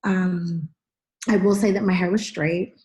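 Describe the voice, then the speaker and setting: A middle-aged woman hosting a podcast, telling stories in a casual, animated way and acting out what people said. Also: lowish voice, measured pace. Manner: animated storyteller, acts out quotes. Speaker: podcast host and actress. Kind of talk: casual chat, storytelling.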